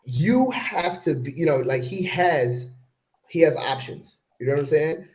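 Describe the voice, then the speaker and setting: A man's voice: a little high, animated, a little slow, darkish tone. A man co-hosting a casual podcast discussion, arguing his point with rhetorical questions and frequent "you know what I'm saying.". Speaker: podcast co-host.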